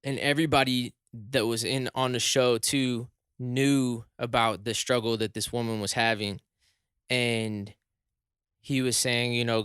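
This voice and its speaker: A young man tells a story in a relaxed chat, his bright, crisp voice climbing higher and louder as the tale turns to shock. The sound is close and dry, with no room in it. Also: normal speed, dry recording. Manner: animated, rises high and loud when shocked. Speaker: podcast co-host.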